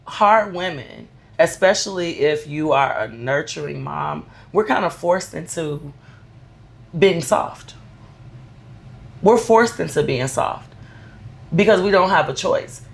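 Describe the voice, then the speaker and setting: Low-pitched with vocal fry, this co-host speaks slowly yet with lively intonation. She chats candidly and emphatically on a podcast about motherhood, drawing on personal stories.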